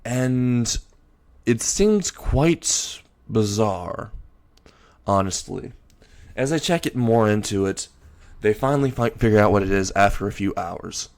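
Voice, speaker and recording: A young man narrating an improvised story in a loose, halting way with frequent restarts. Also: on the low side, animated, vocal fry, darkish tone.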